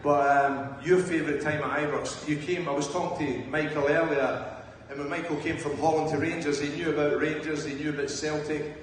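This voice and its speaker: A man's voice: fairly high pitch, steady tone, fairly quick, hardly any pauses, slight background noise. A man hosting a live event, asking a long, rambling question. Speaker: host. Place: large hall before an audience. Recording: echoey hall from far off.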